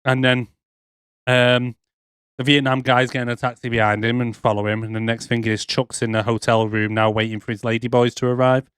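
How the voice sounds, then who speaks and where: A man's voice: mid-range voice, brisk, clear, resonant tone, dry recording, clean studio sound. Swearing man retelling a film. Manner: swearing, joking, animated retelling with put-on quotes. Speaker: podcast co-host. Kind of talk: casual movie review banter.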